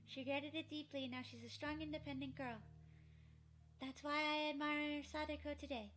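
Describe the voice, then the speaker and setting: A woman voicing a small girl who speaks gently and soothingly in a visual novel fan dub. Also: sits high, fairly even intonation, normal speed. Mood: gentle.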